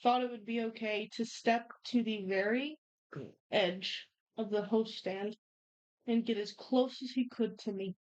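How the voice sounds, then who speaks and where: Young woman ranting about work on a podcast, kinda high voice, muffled lo-fi sound. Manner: animated storytelling, quick bursts. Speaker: podcast co-host. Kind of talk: casual chat. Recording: muffled lo-fi audio.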